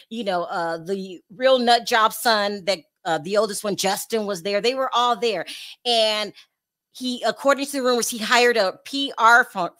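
A woman's voice: mid-range voice, fairly bright tone. A woman hosting a celebrity gossip show, talking bluntly and animatedly, speaking straight to the stars she discusses. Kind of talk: casual commentary to camera.

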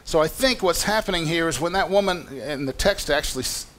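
A man's voice: fairly high pitch, brisk, fairly bright tone, a little hiss or hum. A man preaching a sermon in a conversational, explanatory way, often restarting his sentences. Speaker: pastor. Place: church meeting room.

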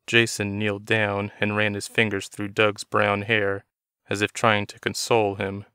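Male narrator, low smooth voice, dry close mic, measured delivery. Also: completely flat delivery, sharp tone, dry recording. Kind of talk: scripted narration of a novel.

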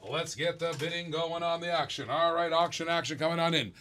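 Man, auction host, live stream, hyped repetitive bid chant, slightly high voice. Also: steady tone, a little fast, pushed and bright.

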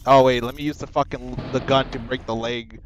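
A man's voice: medium pitch, fairly even intonation, fairly quick, a little hiss or hum. A young man streaming a game, ranting, exasperated and cursing at it. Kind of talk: frustrated gameplay commentary.

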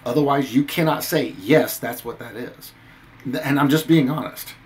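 A man's voice: medium pitch, normal speed, a little mellow, poor audio. Earnest man preaching from scripture. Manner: emphatic, preachy, reads verses aloud. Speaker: Christian video commentator. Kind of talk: earnest scripture-based rant.

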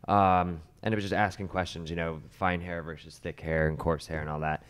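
Deep-voiced man explaining hair colour. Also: level tone, smooth. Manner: explains in a measured, teacherly way. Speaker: hairstylist co-host and colour educator. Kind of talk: casual podcast chat.

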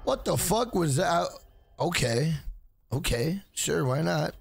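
A man streaming a video game live, swearing freely and loudly hyping up his donors. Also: high-pitched, big pitch swings, moderate pace, gravelly, soft background music. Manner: profane, hyped, shouts out donors. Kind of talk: live gameplay stream chat.

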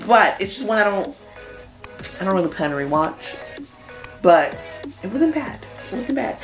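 This young woman, a movie review vlogger, has a medium-pitched, fairly bright voice. She chats casually and straight to her viewers while recapping the movies she watched, filling her talk with fillers.

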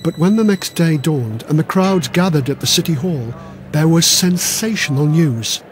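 A man's voice: on the high side, expressive, moderate pace, soft background music. A man giving scripted narration of a children's history story in a dramatic, vivid way.

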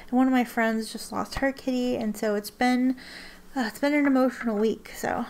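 A woman's voice: a little high, normal speed, creaky, a little mellow. A woman chatting casually to camera in a rambling way, with many restarts and ums. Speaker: ink swatching vlogger.

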